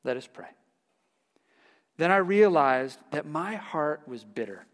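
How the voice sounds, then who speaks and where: A male pastor preaching a sermon, telling stories in a lively, animated way and laughing along with them. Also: a little high, slow, big-room sound. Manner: storytelling, laughs heartily while telling anecdotes.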